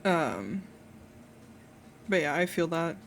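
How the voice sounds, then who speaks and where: A woman's voice: slow, vocal fry, a little hiss or hum. Chatty woman streaming. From Netherlands. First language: Dutch. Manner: chatty storytelling, gets louder and higher when excited, casual swearing. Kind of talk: casual live-stream chat.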